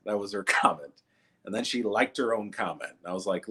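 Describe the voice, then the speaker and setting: A man's voice: fairly low pitch, a little fast, husky. A man doing stand-up comedy, telling stories and acting out the voices of the people in them. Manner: animated, acts out voices in his stories. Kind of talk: stand-up storytelling.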